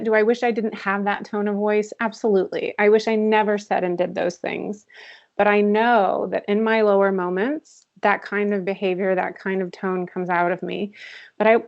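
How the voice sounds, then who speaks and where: A woman's voice: mid-range voice, gravelly, a little mellow. A woman guest in a candid interview, talking earnestly and reflectively and laughing often, heard over a video call. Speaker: podcast guest, author. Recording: dull lo-fi call audio.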